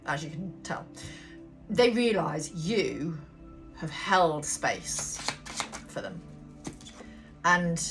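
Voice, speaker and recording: A woman giving a casual tarot reading, talking bluntly, swearing freely and rambling on. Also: fairly low pitch. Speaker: tarot reader. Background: background music.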